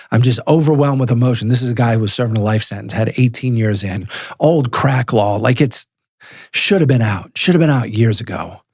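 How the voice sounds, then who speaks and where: A middle-aged man with a husky voice speaks in an interview and tells his story with lively energy. He acts out the people in it, and the sound is dry and close. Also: on the low side, a little fast, no room sound. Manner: animated storyteller who acts out phone calls. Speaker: guest, prisoner advocate.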